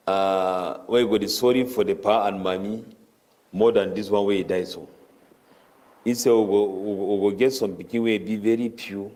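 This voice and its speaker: A man preaching a Ramadan tafseer sermon in Cameroonian Pidgin English, chanting Arabic verses rapidly between his explanations. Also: lowish voice, a little mellow.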